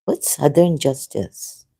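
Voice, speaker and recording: A leisurely, unhurried speaker with a soft, mellow tone. The talk wanders, hesitates and often turns modest and self-deprecating in a casual conversation. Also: medium pitch, vocal fry, husky. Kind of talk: casual debate chat.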